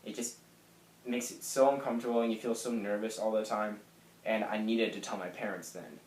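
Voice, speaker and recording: A young man in his late teens telling a personal story to camera, soft and halting with lots of fillers. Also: fairly low pitch, steady tone, a little hiss or hum. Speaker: vlogger. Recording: echoey room.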